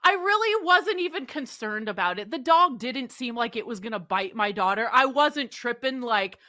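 A woman co-hosting a sports betting show, telling a story in animated casual chat. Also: a little high, normal speed, dry recording, clean studio sound. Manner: animated, lively storytelling with many likes. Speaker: co-host.

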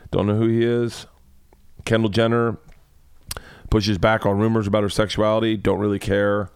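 A man's voice: lowish voice, no echo, studio quality. A man hosting a comedy podcast, rambling through celebrity news with lots of swearing. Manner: profane, rambling, quick asides. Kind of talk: casual comedy podcast rant.

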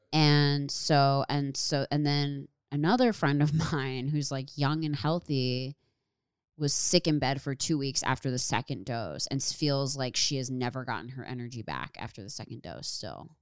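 A young woman co-hosts a podcast in a relaxed, chatty way, swearing casually and acting out quotes as she goes. Her voice sits low and sounds smooth and clear. The sound is dry and close. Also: no room sound. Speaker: podcast co-host. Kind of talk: casual chat.

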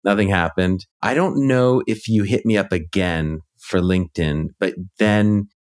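Deep-voiced, reflective male podcast guest. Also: measured pace. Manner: relaxed, reflective storyteller who laughs easily. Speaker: guest, ghostwriter and author. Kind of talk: casual interview conversation.

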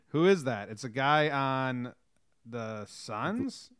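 A man co-hosting a podcast in casual chat, reading things out in a wry, deadpan way. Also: mid-range voice, extremely slow, smooth, no room sound, clean studio sound. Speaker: podcast co-host.

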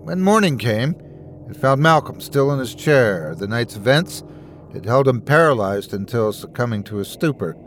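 Guy reading a scary story, steady and suspenseful, mid-pitched voice. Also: moderate pace, slight background noise. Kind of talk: scripted horror narration.

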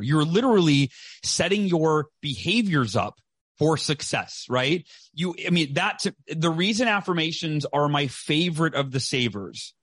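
A man's voice: on the high side, fairly bright tone, breathy edge, no echo. A man in his forties giving a passionate motivational interview, emphatic, repeating phrases and often asking "right?". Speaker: podcast guest, author and speaker.

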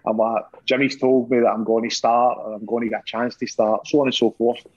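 A man's voice: medium pitch, flat delivery, normal speed, darkish tone, highs cut off. A man with a Scottish accent, a former footballer, telling swearing, laughing anecdotes in casual chat.

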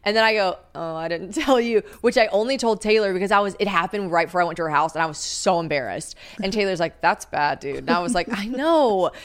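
A woman's voice: medium pitch, expressive, fast talker, few pauses. A young woman chats casually as a podcast host. She tells a candid story and acts out the lines of the people in it. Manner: candid, storytelling with acted-out quotes. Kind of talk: casual chat.

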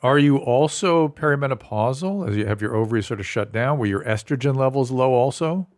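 A man's voice: mid-range voice, expressive, brisk. A man hosting a podcast, a doctor who asks curious questions and explains medical points plainly. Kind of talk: casual interview, medical advice.

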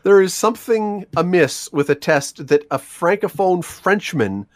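A Canadian man chats on a radio show, his voice sitting a little high for a man. The sound is dry and close, with no room around it, and he rambles through stories with asides and restarts. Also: animated, unhurried, dry recording. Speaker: radio show co-host telling news stories. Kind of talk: casual radio chat.

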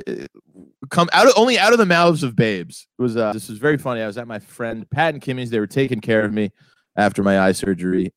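A man's voice: on the low side, no room sound. Casual rambling podcast guy, laughing a lot, bouncy voice, dry close sound. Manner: rambling storyteller, laughs often, puts on loud voices for quotes. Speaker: podcast co-host. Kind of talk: casual comedic chat.

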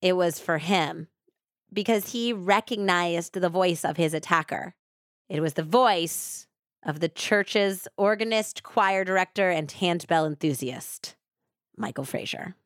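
A woman hosting a true crime podcast, retelling the case in a casual, animated way full of quoted voices and asides. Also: lowish voice, a little slow, no room sound, studio quality. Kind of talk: casual storytelling narration.

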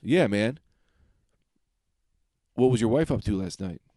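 A man's voice: lowish voice, lively intonation, unhurried, dark tone, no echo, clean studio sound. A man improvising a comedy bit, firing blunt teasing questions.

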